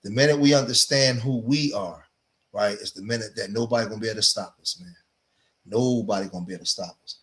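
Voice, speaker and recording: A man's voice: lowish voice, fast talker. A man hosting a livestream, delivering emphatic, preachy commentary, repeating himself and saying "man" often. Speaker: streamer and commentator.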